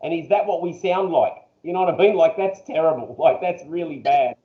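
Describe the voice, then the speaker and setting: High-voiced Australian man on a call. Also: a little fast, reverberant, highs cut off. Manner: relaxed, chuckles often. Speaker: interview guest, engine builder. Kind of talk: casual interview chat. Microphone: video call.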